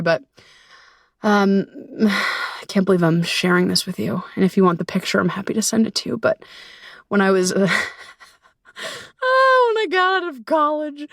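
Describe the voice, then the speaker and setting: A woman's voice: medium pitch, a bit bright, no echo, studio quality. Chatty swearing woman podcaster. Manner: chatty, swearing, playful asides. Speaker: podcast host. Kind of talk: casual solo podcast talk.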